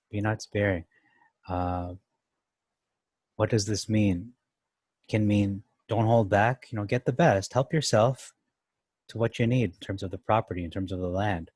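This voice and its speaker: A man's voice: fairly low pitch, steady tone, unhurried, pauses often, a little mellow, no echo. A man teaching through a Bible chapter, thinking aloud as he reads and explains verses, comparing translations. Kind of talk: casual Bible study commentary.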